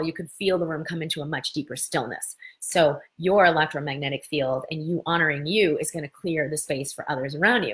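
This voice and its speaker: A middle-aged woman hosting a casual live-stream talk, telling stories with lively gestures of voice and bursts of laughter. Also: deep voice. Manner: animated storytelling, breaks into laughter. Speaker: host.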